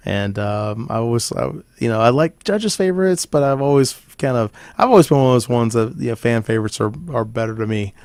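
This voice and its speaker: A man's voice: mid-range voice, fairly quick, hardly any pauses, darkish tone, no room sound. A man hosting an interview podcast, chatting in an easygoing way. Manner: easygoing, many restarts and fillers. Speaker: podcast host. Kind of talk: casual interview chat.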